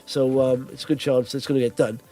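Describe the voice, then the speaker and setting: A man's voice: mid-range voice, level tone, a little fast, dark tone, soft background music. A man hosting a podcast, chatting in a rambling, jokey way with plenty of fillers. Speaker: podcast host. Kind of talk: casual chat.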